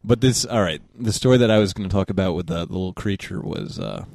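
A man's voice: low voice, quick pace, darkish tone, no echo. A man, a podcast guest, telling a rambling story in a casual chat, swearing freely and laughing as he goes.

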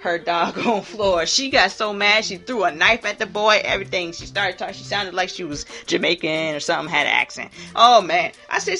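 A woman hosting a casual, profane commentary monologue in an animated way, often acting out voices. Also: on the low side, fairly quick, few pauses, faint music behind.

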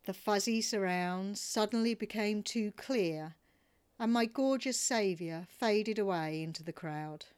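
A woman reads her travel memoir aloud in a wry, expressive way. She takes her time, with a mid-range voice and an unhurried delivery. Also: medium pitch. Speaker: narrator.

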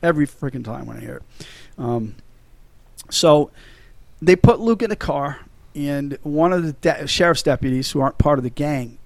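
A man's voice: mid-range voice, vocal fry, no room sound. A man hosting a casual movie-talk podcast, rambling and stumbling over his words as he gets emotional. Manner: rambling, restarts a lot, emotional. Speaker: podcast host.

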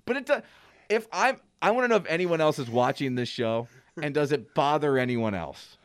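A man's voice: fairly high pitch, expressive, normal speed, no room sound. A man co-hosting a radio talk show, chatting in a rambling, self-deprecating way. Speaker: radio co-host.

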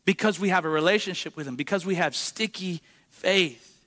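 A man with a high, bright voice preaches in a church. He keeps it conversational and lively, often checking in with the congregation. His tone stays clear and ringing throughout. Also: moderate pace. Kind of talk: sermon.

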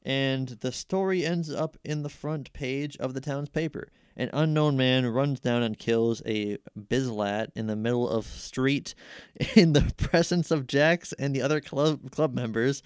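A man sums up a plot in casual chat, halting and reaching for words as he goes. His voice is clear and smooth, at a middle pitch. The recording is dry, with no room sound. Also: no room sound.

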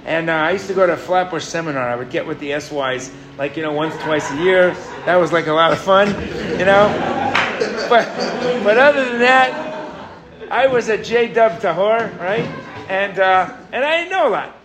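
A man's voice: high voice, normal speed, crowd noise. A man from New York giving a sermon as a rabbi, telling stories and asking his audience "right?". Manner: storytelling, animated, engages the audience with "right?". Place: rooftop gathering.

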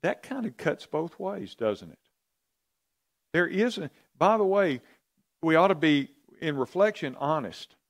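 A man's voice: fairly high pitch, big pitch swings, a little slow. A man leading an interactive church teaching, conversational, asking the audience questions and often repeating himself. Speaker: pastor or Bible teacher.

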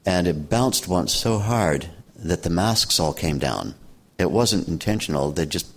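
Deep-voiced older man telling stories calmly. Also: unhurried. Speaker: meditation teacher. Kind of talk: reflective storytelling.

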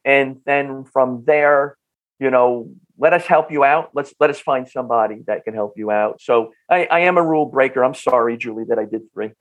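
A man with a North Jersey accent, a health practitioner guest on a podcast interview, talking in an animated way and often repeating words as he starts a sentence. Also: mid-range voice, moderate pace, highs cut off. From New Jersey.

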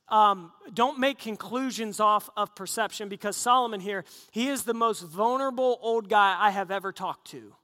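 A middle-aged male pastor delivers a sermon in a high, bright voice. He tells stories with animated, self-deprecating humor. His words ring out with a long reverb in a church hall.

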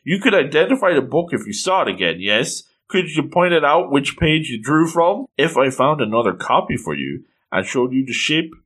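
Guy reading as a serious calm witch dude, slow and grave, bright tone. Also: mid-range voice, slightly rough. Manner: grave, measured.

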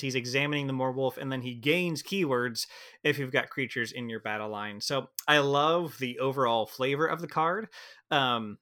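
A man's voice: mid-range voice, bright, forceful tone. A man co-hosting a podcast in casual chat, joking and hesitant, with many fillers and restarts. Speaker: podcast co-host.

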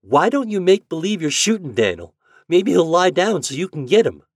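A man voices an anxious mother pleading in a raised voice, pitching himself high above his own natural voice in an exaggerated, sing-song way. He speaks at a moderate pace, and the studio-quality recording has no echo.

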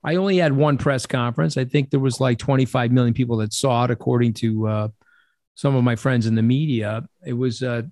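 A man's voice: mid-range voice, a little fast, no echo, studio quality. Blunt, profane middle-aged man. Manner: blunt and profane, animated, acts out quoted voices. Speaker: interview guest. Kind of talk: casual interview storytelling.

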